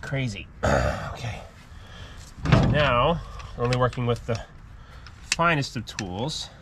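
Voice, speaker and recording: A man's voice: medium pitch, lively intonation, takes it slowly, heavy background noise. A man hosting a homestead channel, talking outdoors through a casual do-it-yourself how-to and explaining each step with frequent ums. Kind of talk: casual DIY how-to vlog. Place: outdoors by a wood boiler after snowfall.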